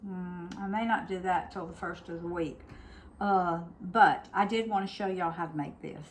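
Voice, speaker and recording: An older woman with a drawl shows off a dish in her home kitchen, talking to viewers in a homey, chatty way. Her voice sits in a middle pitch, with a faint clatter of dishes behind her. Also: fairly bright tone, slight background noise. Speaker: cooking show host. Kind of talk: casual home cooking demo.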